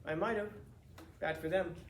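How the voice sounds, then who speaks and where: A male teacher tells a rambling, lively story to his students, full of restarts and chuckles. His voice sits a bit high. The room is echoey, with a faint hiss underneath. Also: normal speed. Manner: casual, animated storytelling with restarts and laughs. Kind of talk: classroom storytelling lecture. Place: classroom.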